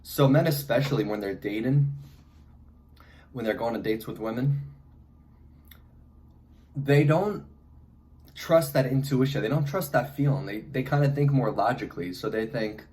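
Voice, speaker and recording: Young man, stuffy with a head cold, loose advice monologue full of fillers and restarts, mid pitch. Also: moderate pace, pauses often, a little mellow, a little hiss or hum. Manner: rambling, many fillers and restarts. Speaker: vlogger.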